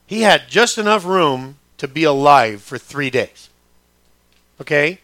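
A man preaching a sermon in a fairly high voice. He moves from quiet, conversational asides to loud, emphatic preaching. The sound is dry and close, with no room echo. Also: animated, slow.

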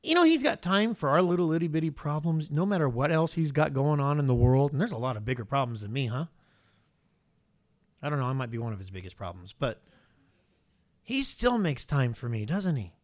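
High-voiced man preaching a lively sermon. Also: brisk. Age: adult father. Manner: animated, full of rhetorical questions to the congregation. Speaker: pastor.

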